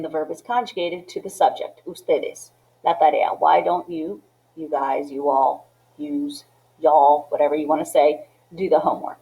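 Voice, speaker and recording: A woman's voice: on the low side, creaky, a little mellow, rough recording. A woman teaching a Spanish lesson, explaining step by step and often checking in with "okay?" and "right?". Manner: mixes English with Spanish phrases. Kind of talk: classroom lesson walkthrough.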